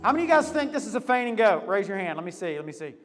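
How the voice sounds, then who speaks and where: A man hosting a lively game for a group, upbeat and teasing, laughing often. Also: high-pitched, very fast, in a large hall, faint music behind. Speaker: youth leader hosting a game.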